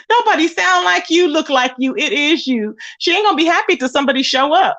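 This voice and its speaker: Woman, young adult, livestream host, chatty gossip, calls viewers babe, high-pitched, dry phone audio. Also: animated, moderate pace, fairly bright tone, no echo. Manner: chatty, greets viewers with pet names.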